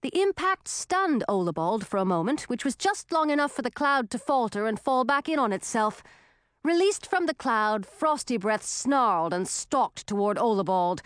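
A woman's voice: on the high side, normal speed, clean tone, no room sound. Woman narrating a fantasy storybook, dry. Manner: expressive, dramatic reading. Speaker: audiobook narrator.

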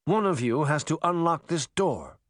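A man doing a cold, measured storybook villain, lively pitch. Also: dry recording, clean studio sound, lightly acted. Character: calm, cold male villain.

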